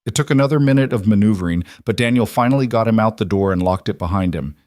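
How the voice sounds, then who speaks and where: Guy narrating a story, low voice, steady, dry close sound. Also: fast, dry recording. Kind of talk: scripted narration.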